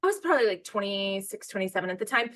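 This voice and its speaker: A woman's voice: medium pitch, very animated, racing, a bit bright. Gushing, rambling American woman host. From United States. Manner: gushing, rambling, self-interrupting. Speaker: podcast host. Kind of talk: casual podcast chat.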